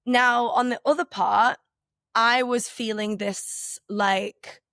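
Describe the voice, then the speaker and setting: A woman's voice: a little high, fairly even intonation, slow, a bit bright, no echo, clean studio sound. A woman in her thirties co-hosting a podcast, talking in a candid, rambling and emotionally open way, full of filler words. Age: 30s. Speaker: podcast co-host. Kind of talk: casual reflective conversation.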